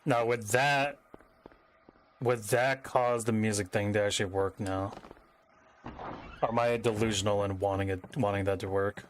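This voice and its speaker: A man's voice: lowish voice, fairly even intonation, normal speed, pauses often, slight background noise. A young man streaming a game from home, thinking aloud in casual, rambling commentary as he reads puzzle text on screen.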